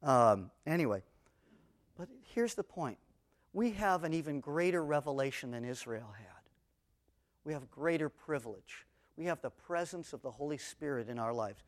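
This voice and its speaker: A man teaching an expository sermon on the Psalms, swinging between booming emphasis on scripture and quiet asides, with a personal story mixed in. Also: animated, moderate pace. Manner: reads scripture aloud with rising intensity. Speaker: Bible teacher.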